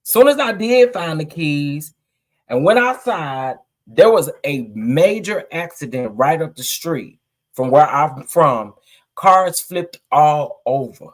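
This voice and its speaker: A man chats casually on a live vlog, greeting viewers by name. He talks with emphatic, preachy feeling that turns emotional. His voice sits slightly higher than most men's. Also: lively intonation, takes it slowly. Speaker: vlogger.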